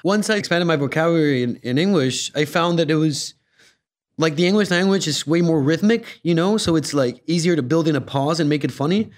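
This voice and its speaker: A man's voice: a little high, fairly quick. A young man from Guatemala, an actor and comedian, chatting playfully in an interview with lots of fillers and laughs. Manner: playful, laughing, filler-heavy, acts out voices. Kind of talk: casual interview.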